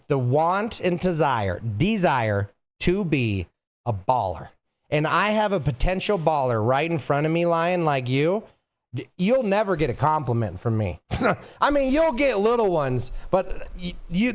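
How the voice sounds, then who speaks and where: A young man streaming from home, chatting casually with his viewers in an animated, teasing way and laughing often. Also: sits high. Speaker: streamer reading chat. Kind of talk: casual live-stream chat.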